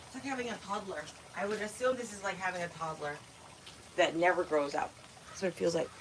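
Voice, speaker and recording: The host of a casual kitchen livestream, a woman speaks bluntly and profanely, teasing her viewers. Her voice is on the low side, fairly even in intonation and brisk, with slight background noise.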